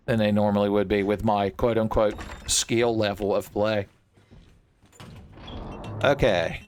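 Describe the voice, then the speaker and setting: A man's voice: on the low side, fairly even intonation, unhurried, pauses often, darkish tone, clean tone. A man hosting a let's play, joking around and talking to the enemies on screen while he plays. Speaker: gaming channel host.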